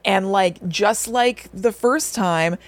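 A young woman co-hosts a relaxed podcast, walking her partner through a twisty plot in an eager, rambling way. Her voice sits at an ordinary middle pitch for a woman, neither high nor low. She talks casually and acts out snippets of dialogue as she goes. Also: slow pace. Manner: animated plot recap with acted-out quotes. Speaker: podcast co-host. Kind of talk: casual chat.

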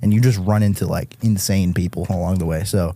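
A young man from Massachusetts tells tour stories on a podcast. He talks casually and with a lot of animation, peppering his speech with "like" and swearing. His voice sits low and mellow, and the recording is dry and close. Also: fairly quick, dry recording. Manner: animated, swears often, heavy use of "like". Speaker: guest musician.

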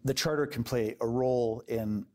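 A man answering interview questions in an earnest, deliberate way with frequent pauses. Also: mid-range voice, fairly even intonation, warm tone. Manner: earnest, deliberate, many uh fillers. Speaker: interview guest, legal advocate.

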